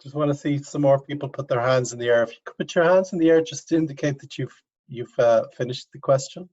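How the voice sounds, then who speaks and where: A man's voice: mid-range voice, fast talker, a little mellow. A male university professor teaching an online class, coaxing students step by step over a video call. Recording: dull lo-fi video call audio.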